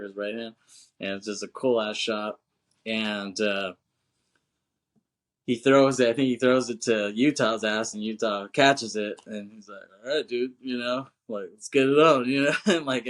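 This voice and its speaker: A man co-hosting a podcast, casually recapping a film scene by scene, rambling with lots of fillers, laughing often and acting out quotes in a louder, higher voice. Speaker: podcast co-host. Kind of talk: casual movie recap chat.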